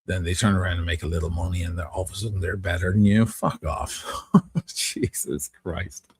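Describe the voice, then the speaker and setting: Low-pitched and darkish with a breathy edge, this middle-aged man from Dublin, Ireland speaks at a moderate, fairly even pace with no room sound. In his Dublin Irish accent he rambles through profane stories and answers viewers in casual live-stream storytelling.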